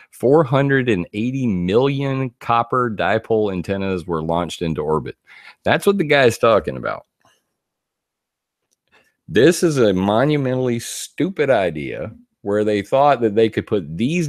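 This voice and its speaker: A man giving casual commentary on a video, animated and laughing often as he reads quotes aloud. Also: on the low side, dry recording, clean studio sound. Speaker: video blogger.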